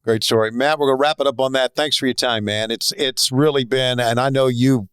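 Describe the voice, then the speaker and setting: Brief: male podcast host, dry deadpan delivery, mid-pitched voice, no room echo. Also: brisk, smooth. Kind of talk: casual interview chat.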